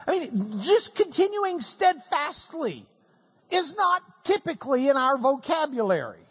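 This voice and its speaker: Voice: high voice, sing-song, measured pace, long reverb tail. A preacher giving a folksy, joking Bible-teaching sermon to a congregation.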